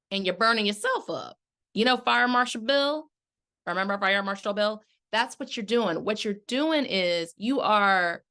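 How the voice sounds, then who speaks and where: A woman's voice: mid-range voice, fairly bright tone. A middle-aged woman, a life coach hosting her podcast, telling a story and coaching her listeners in a casual, conversational way. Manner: conversational, addresses listeners directly as y'all. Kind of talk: casual chat.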